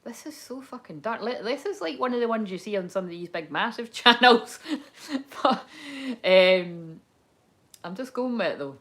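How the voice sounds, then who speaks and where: A woman's voice: mid-range voice, animated, moderate pace. A young adult woman giving a casual tarot reading, talking in a candid, rambling way and cursing freely. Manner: rambling, candid, swears and laughs often. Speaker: tarot card reader.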